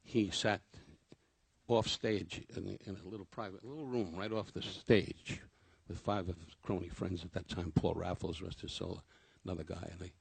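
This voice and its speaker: A man's voice: deep voice, fairly even intonation, normal speed, creaky, breathy edge, no echo. An older man, a comedian, giving a rambling, self-deprecating memorial tribute full of anecdotes.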